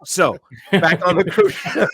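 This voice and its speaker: A man co-hosting a podcast, telling a story in casual chat and acting out loud shouts along the way. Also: high voice, creaky, slight background noise. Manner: loud, animated storyteller who acts out shouts. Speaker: podcast co-host. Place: apartment room.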